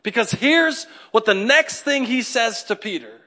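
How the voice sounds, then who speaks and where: A man preaching a sermon as pastor, animated, shifting from hushed asides to loud, excited peaks and acting out quoted voices for comic effect. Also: very high voice, a little slow.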